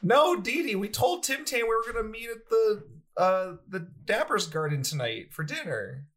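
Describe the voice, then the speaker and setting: A man playing a tabletop game, animated and exclaiming as he banters. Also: high-pitched, moderate pace. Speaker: player.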